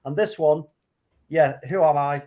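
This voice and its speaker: Guy hosting casual chat, lots of slang and laughing, high-ish voice. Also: a little slow, warm tone. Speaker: co-host.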